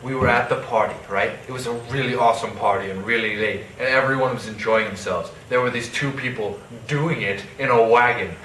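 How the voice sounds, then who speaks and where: A man's voice: medium pitch, fairly quick, hardly any pauses, fairly bright tone, a little hiss or hum, close to an everyday voice. Othello, a young man playing him as a slangy braggart. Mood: rambling. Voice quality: casual, rambling storyteller with slang. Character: Othello as a slangy modern guy, boastful. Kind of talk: parody skit. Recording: echoey room, mic at a distance.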